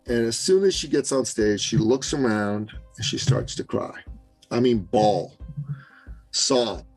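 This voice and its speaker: A man's voice: medium pitch, measured pace, darkish tone, soft background music, rough recording. A man guest on an interview podcast, telling a personal story in an earnest, conversational way with small asides. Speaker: podcast guest, business coach.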